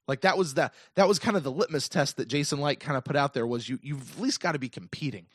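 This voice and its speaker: A man in his thirties with an American accent, hosting a casual call-in sports podcast in an animated, emphatic rant. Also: mid-range voice, quick pace, few pauses, dry recording, clean studio sound. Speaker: podcast host.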